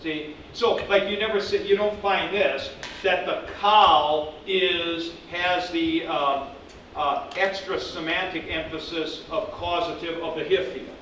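A man teaching a class, lively, acting out example sentences as he explains. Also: a little high, a little slow, a little hiss or hum. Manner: animated, acts out example sentences. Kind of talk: classroom lecture. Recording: echoey room from far off.

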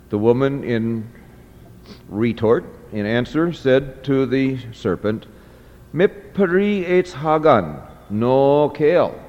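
A man teaching a class, reading a text aloud and explaining it slowly, with many fillers and restarts. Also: mid-range voice, a little mellow. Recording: dull audio with long hall reverb.

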